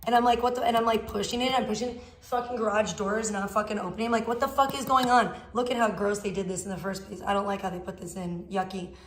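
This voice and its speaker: A woman's voice: medium pitch, fast talker, few pauses. A young woman livestreaming from her garage, rambling and swearing heavily in casual chat. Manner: heavy swearing, rambling and animated. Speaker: livestream host. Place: garage at home.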